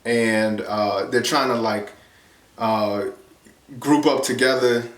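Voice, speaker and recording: Casual male vlogger, earnest and rambling, mid pitch, roomy echo. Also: slow pace, distant mic. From United States. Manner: rambling, earnest, many fillers and restarts; grows animated and higher when excited. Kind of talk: casual monologue. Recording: echoey room, off-mic.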